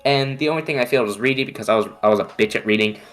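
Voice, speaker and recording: A man's voice: medium pitch, very fast, fairly bright tone, soft background music. A man co-hosting a podcast in casual chat, rambling and swearing heavily as he pokes fun at himself. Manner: rambling, heavy swearing, self-mocking. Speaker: podcast co-host.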